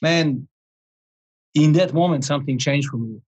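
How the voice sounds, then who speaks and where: A man in his forties, a life coach, telling a story in a podcast interview, animated and rambling, with frequent restarts and chuckles. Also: a little high, normal speed, breathy edge, muffled recording.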